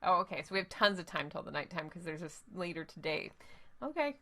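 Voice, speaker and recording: A woman's voice: fairly low pitch, big pitch swings, a little fast, bright, forceful tone. A woman streamer chatting casually to her viewers while playing a game, rambling and thinking aloud. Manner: chatty, rambling, talks to chat. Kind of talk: casual live gameplay commentary.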